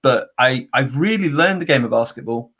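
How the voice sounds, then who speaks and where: A man from North Wales hosting a basketball podcast, chatting casually in an animated, teasing way and correcting himself as he goes. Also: medium pitch, fairly quick, a little hiss or hum. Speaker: podcast host. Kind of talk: casual interview chat.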